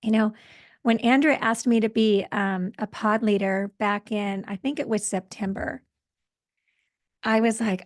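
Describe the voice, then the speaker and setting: A woman's voice: on the high side, steady tone, normal speed. A woman hosting an online healing circle over a video call, talking in a casual, effusive way and slipping in chanted spiritual phrases. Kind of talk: casual welcoming talk.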